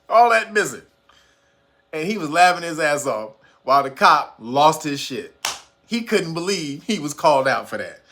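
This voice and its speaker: A woman with a bright, sharp voice chats casually to her audience. She speaks loosely and frankly, with plenty of slang and profanity. The delivery is informal, like an unscripted vlog. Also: deep voice, very animated, unhurried, slight background noise. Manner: loose, chatty, profane storytelling addressed to viewers. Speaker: commentary vlogger. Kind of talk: casual commentary.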